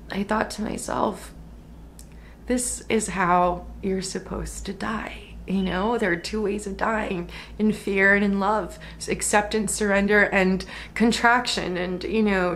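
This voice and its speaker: A woman in her thirties musing softly about a personal spiritual experience in a reflective vlog, with many fillers. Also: mid-range voice, a little hiss or hum. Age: 30s. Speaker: spiritual vlogger.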